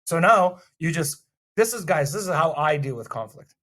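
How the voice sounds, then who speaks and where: A man in casual podcast chat, talking animatedly and acting out what people say. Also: a little high. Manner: animated, fast, acts out quoted lines. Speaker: podcast co-host.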